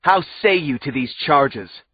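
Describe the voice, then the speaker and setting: A man doing a sanctimonious, tyrannical old judge for an audiobook, who roars his verdicts with self-righteous contempt. The voice sits at a middling pitch with a husky edge, and the sound is dry and a little muffled. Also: animated, moderate pace, no room sound. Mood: accusing. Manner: bellowing, sanctimonious, condemning. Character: fanatical pompous older male judge. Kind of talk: audiobook character voice.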